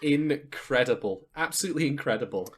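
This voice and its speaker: A man co-hosting a casual podcast discussion, with an everyday middling pitch. He talks in an animated, jokey way and plays up his reactions for laughs. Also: fairly quick. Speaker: podcast co-host.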